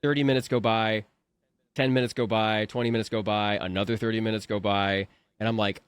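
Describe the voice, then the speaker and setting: Man, 30s, voice actor telling an animated story, dry studio sound. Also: mid-range voice, brisk, clear, resonant tone, no echo. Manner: animated storyteller, acts out his own panicked thoughts. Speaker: voice actor guest. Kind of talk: casual anecdote telling.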